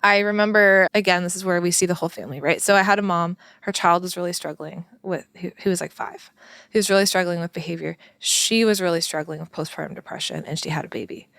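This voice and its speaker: A woman's voice: on the low side, fast, creaky, a bit bright, dry recording. A woman in her thirties, a parenting educator, talking earnestly and passionately on a podcast and often laughing. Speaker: parenting educator and former child therapist. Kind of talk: conversational podcast chat.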